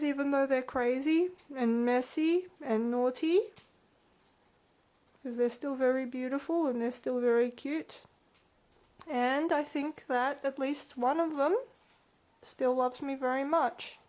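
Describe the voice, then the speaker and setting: Slow-talking woman, halting. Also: high-pitched, fairly even intonation, a little mellow. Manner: halting, with frequent restarts. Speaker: vlogger. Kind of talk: casual talk to camera. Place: at home with her pet birds.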